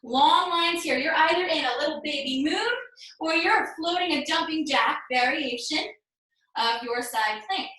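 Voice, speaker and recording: A little slow this time, her high-pitched voice still sounds pushed and bright. The instructor gives upbeat pose cues to her live yoga class, singing some, laughing at herself, a bit out of breath. A laptop mic over a hotspot picks her up from afar, leaving the recording low-quality and very echoey.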